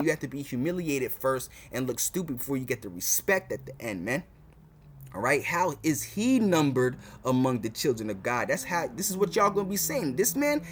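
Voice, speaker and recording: A man with a medium-pitched, slightly breathy voice preaches fervently to the camera as a street preacher. He repeats phrases, stumbles into restarts, and fills his speech with "man" and "all right."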